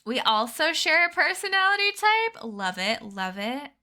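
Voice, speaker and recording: Bubbly bright-voiced young woman streamer. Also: sits high, sing-song, unhurried. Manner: bubbly, giggly, reads chat names aloud. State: sleepy, yawning. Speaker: streamer reading a book aloud. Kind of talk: casual chat with stream chat between chapters.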